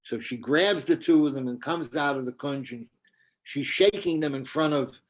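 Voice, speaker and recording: A man's voice: a little high, moderate pace. A man, a spiritual teacher, telling a devotional story over a video call and acting out its characters. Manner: animated storytelling, acts out voices.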